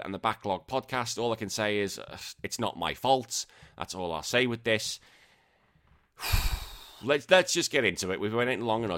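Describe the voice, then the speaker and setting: A man's voice: fairly low pitch, a bit bright. A man with a Northwest English accent, hosting a podcast in a casual, rambling, sweary way. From northwest England. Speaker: podcast host.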